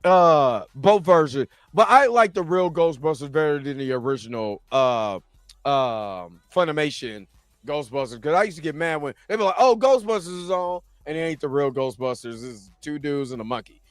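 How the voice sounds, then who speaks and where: Excitable man hosting a live chat. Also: on the high side, normal speed, no echo. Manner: excitable, laughs often, shouts when thrilled. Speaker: show host. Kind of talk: casual live-stream chat.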